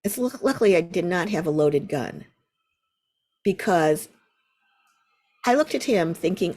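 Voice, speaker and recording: A woman's voice: lowish voice, lively intonation, unhurried, long pauses, darkish tone. An older American woman, a Zen teacher, telling a vivid story as an interview guest. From United States.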